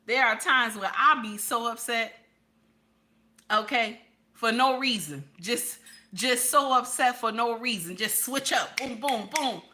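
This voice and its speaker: A middle-aged woman with a slightly high, sharp-toned voice talks a little slowly. She addresses women viewers directly with preachy relationship advice, emphatic and repetitive.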